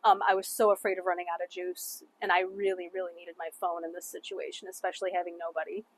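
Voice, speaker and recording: A woman's voice: fairly low pitch, little pitch movement, fast. A young woman chatting casually through a travel story, saying "like" a lot, laughing often and swearing offhandedly. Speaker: travel vlogger.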